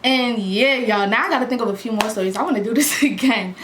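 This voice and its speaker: Animated young woman telling a story, echoey room. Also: fairly high pitch, quick pace. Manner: animated, slangy, acts out quotes loudly. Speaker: vlogger. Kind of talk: storytime vlog. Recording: echoey room with faint background hum.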